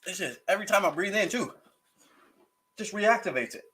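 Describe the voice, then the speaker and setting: A man hosting a casual livestream while eating hot sauces, his mouth burning and eyes teary, gasping, sighing and groaning between slow remarks. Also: high voice, lively intonation, fairly bright tone, husky. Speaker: livestream host.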